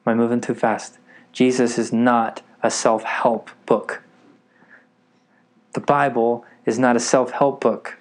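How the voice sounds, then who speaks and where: An eager man preaching a sermon to a gathered group. He keeps pausing to ask whether his listeners are with him. His voice sits at an ordinary male pitch. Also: level tone. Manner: eager, keeps checking in with the audience.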